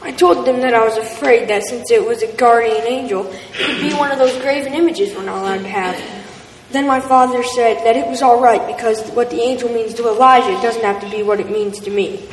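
A woman reads a first-person story aloud, plain and earnest. Her voice sits slightly high and comes from some distance off the mic. It echoes through a large hall with a long reverb over faint background noise. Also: fairly quick.

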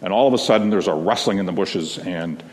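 A man, a minister, tells a children's story to a congregation in a gentle, slow storytelling manner, speaking to the children. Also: low voice. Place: large church sanctuary. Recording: long reverb of a big hall.

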